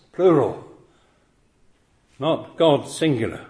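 Earnest preacher, emphatic and questioning. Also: male voice, fairly high pitch, expressive, measured pace, pauses often, a little mellow. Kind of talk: sermon.

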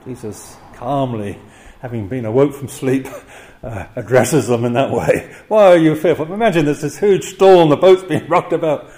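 A man's voice: medium pitch, normal speed, darkish tone. An older man preaching an expository sermon, often chuckling between points and voicing the quoted cries with drama.

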